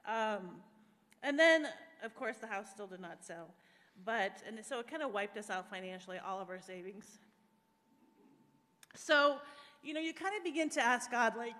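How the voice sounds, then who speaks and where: A woman's voice: a little high, expressive, measured pace, long pauses, a bit bright. An American woman, a guest speaker, telling her personal testimony in a church service, candid and emotional with frequent fillers. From USA. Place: church hall, live-streamed service. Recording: echoey church hall.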